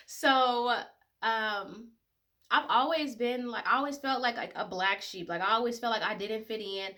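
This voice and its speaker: A woman vlogger in her twenties speaks to camera slowly, her medium-pitched voice pushed and bright. The talk is casual, personal, and heartfelt; she gets emotional, at times tearful, and uses many fillers.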